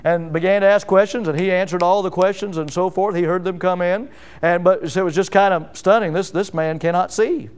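A middle-aged pastor preaching a sermon, emphatic, with rhetorical questions and sudden drops to a hush. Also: male voice, high-pitched, steady tone, fairly quick, clear, resonant tone.

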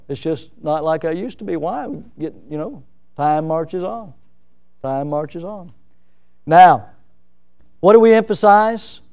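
A man's voice: high-pitched, darkish tone. A middle-aged man preaching a sermon as pastor, with rising emphatic outbursts and self-deprecating humor.

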